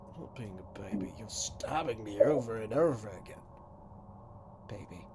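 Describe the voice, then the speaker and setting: A man's voice: on the low side, lively intonation, moderate pace, lightly acted. Man doing a whiny, pained tattoo customer. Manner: complaining, pained. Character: bald male customer in pain, whiny. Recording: noisy background.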